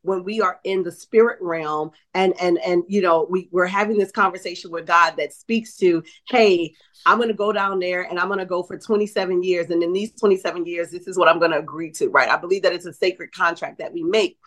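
A woman's voice: lowish voice, fairly quick. A middle-aged woman from New Orleans, a psychic medium and author, telling stories as a guest and acting out quoted dialogue, often checking in with "right?". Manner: animated storyteller, acts out quoted dialogue, many "right?" asides. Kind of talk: storytelling in a conversational interview.

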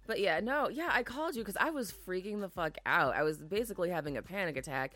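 A woman in her thirties in casual podcast chat, telling a story in a measured way with lots of fillers. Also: on the low side, expressive, a bit bright. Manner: measured retelling with many fillers. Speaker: podcast co-host.

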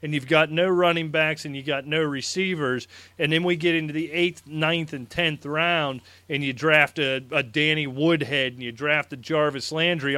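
Bright-voiced rambling sports co-host. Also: male voice, on the high side, dry recording. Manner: rambling, self-deprecating, restarts. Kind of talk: casual sports chat. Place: small radio studio.

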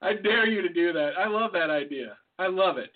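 A man's voice: sits high, lively intonation, moderate pace. A man co-hosting a podcast, joking and rambling in casual banter. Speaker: podcast co-host. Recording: phone-like lo-fi audio.

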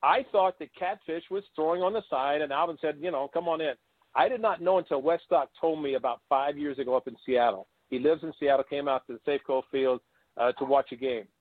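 An older man with a slightly high voice spins animated stories as an interview guest, slipping into the voices of the people he quotes. The sound is thin and tinny, like a phone line, and dry, with no room around it. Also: fairly quick, no echo. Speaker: guest, former baseball catcher. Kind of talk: storytelling interview.

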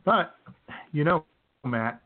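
A man's voice: fairly high pitch, animated, slow pace. A man hosting a comedy radio show, rambling casually with lots of fillers. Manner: laid-back, rambling, many fillers. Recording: phone-like narrow sound.

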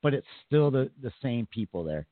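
A man's voice: medium pitch, big pitch swings, normal speed, dry recording. A man co-hosting a talk radio show, rambling and swearing freely in casual banter. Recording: tinny phone-like sound, dry.

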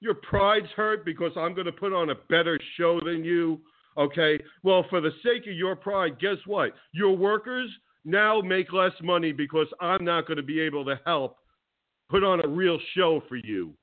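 Homem ranzinza apresentador, som de telefone. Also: male voice, on the high side, moderate pace. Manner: loud, combative, ranting. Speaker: radio show host. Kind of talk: ranting talk radio. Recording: phone-line audio.

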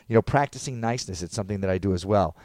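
A man's voice: fairly low pitch, racing, a little mellow, no room sound, studio quality. A man in casual podcast chat, rambling and reflective, now and then acting out quotes.

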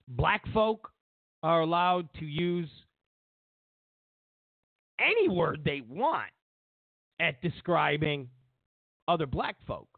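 A man's voice: mid-range voice, dry recording. A man hosting a political commentary show, talking in a loose, rambling way that drifts off topic and turns sarcastic. His voice comes through thin and phone-like, with a dry sound and no room around it. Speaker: show host. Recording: tinny phone-like dry recording.

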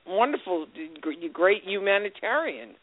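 Sex: woman. Role: phone-in caller. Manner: chatty, affectionate, lively pitch. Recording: tinny phone line. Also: a little slow. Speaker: caller, friend of the host. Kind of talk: casual phone chat.

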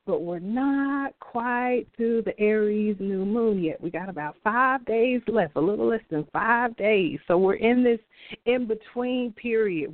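A passionate, expressive man delivers his weekly astrology forecast, laughing easily as he talks. His voice sits fairly high for a man. The sound is tinny and phone-like, with a dry, close feel. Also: measured pace, no echo.

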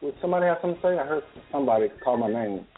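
A man hosting a call-in show, speaking fervently and preachily with many halting fillers. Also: mid-range voice, lively intonation. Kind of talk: casual call-in talk. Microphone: phone. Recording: tinny phone line.

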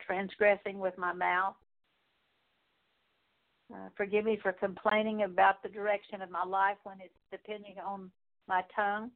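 In a long spoken prayer of confession, a woman leading the prayer pleads aloud in halting, repeated phrases separated by pauses. Her pitch stays within a narrow, even range, and the audio sounds thin, like a phone line.

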